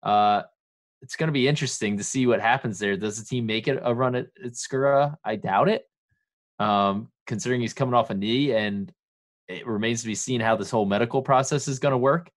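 Guy cohosting a sports pod, mid pitch, jokey and playful, just chatting. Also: a little fast. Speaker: podcast co-host. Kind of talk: casual sports podcast chat.

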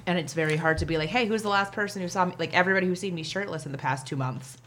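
Fast-talking woman player at a game table. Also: on the low side, fairly bright tone, a little hiss or hum. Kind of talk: casual game table talk.

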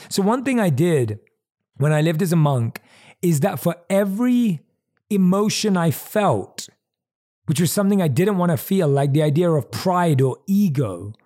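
A man's voice: a little high, mellow. Earnest motivational podcast host, man. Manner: earnest, emphatic, repeats key phrases. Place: at his desk. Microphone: desk microphone.

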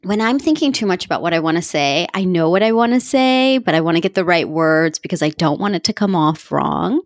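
A woman's voice: fairly low pitch, animated, fairly quick, no echo, studio quality. A woman hosting a podcast, giving casual self-help advice in a chatty, coaching way, often laughing at herself and talking straight to her listeners. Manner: coaching, addresses listeners directly. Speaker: podcast host.

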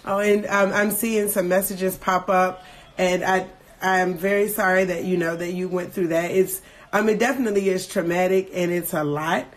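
A woman in her thirties, emotional and earnest, candidly telling a personal story to her viewers with many pauses and restarts. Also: lowish voice, steady tone. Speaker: livestream host sharing a personal story.

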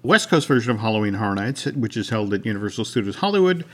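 A man's voice: on the low side, very animated, fast, fairly bright tone. A man co-hosting a podcast, talking casually and reading news and sponsor copy. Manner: conversational, many restarts, reads sponsor copy. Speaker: podcast co-host.

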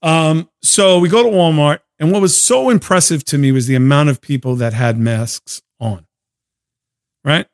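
A hoarse man hosting a casual livestream chat, telling stories in an animated, slangy way. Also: a little high, moderate pace. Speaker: show host.

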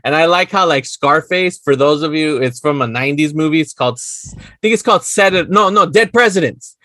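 A high-voiced man co-hosting a podcast, chatting casually and animatedly, often laughing as he retells scenes. His voice is close and dry, with no room sound. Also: a little fast, sharp tone, dry recording. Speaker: podcast co-host. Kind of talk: casual chat recapping a show.

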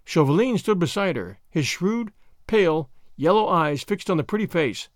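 A man narrating a classic novel as an audiobook, with an expressive storytelling cadence. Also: high voice, normal speed, no echo, clean studio sound. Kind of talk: scripted narration.

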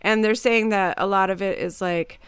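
A woman's voice: mid-range voice, moderate pace, smooth, no echo. A woman, a mother in her thirties, chatting casually and acting out quoted lines as she tells stories. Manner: animated storyteller, acts out quotes. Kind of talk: casual chat.

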